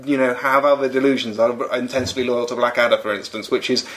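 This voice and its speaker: A man's voice: mid-range voice, level tone, quick pace, a bit bright, low-quality recording. A middle-aged man, a comedy writer, talking thoughtfully and analytically in an interview, laughing often. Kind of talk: conversational interview.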